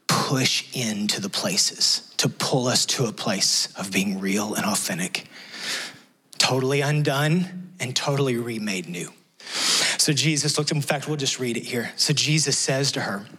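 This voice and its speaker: A man's voice: medium pitch, moderate pace, sharp tone, husky. A man preaching a sermon, retelling a Bible story in a conversational way and dropping to a whisper for emphasis. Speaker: pastor.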